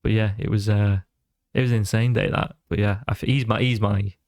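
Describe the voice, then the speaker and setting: Male podcast guest, animated storyteller, dry close mic. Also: fairly low pitch, brisk, dry recording. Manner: animated storyteller who slips into voices. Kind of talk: casual chat.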